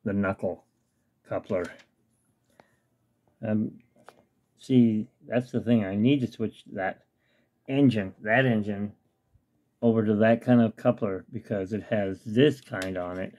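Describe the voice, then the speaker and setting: A man's voice: fairly low pitch, steady tone, slow, long pauses, a little mellow. A man casually talking through his hobby work on a webcam at home, rambling and talking to himself as he tinkers. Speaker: hobbyist vlogger. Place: home hobby room with model train layout.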